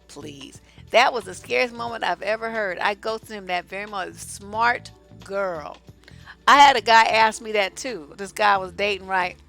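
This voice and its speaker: A woman's voice: medium pitch, moderate pace, creaky, faint music behind. A woman relationship coach, giving blunt, profane, sassy advice while answering viewer questions on a live stream. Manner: profane, sassy, animated storytelling.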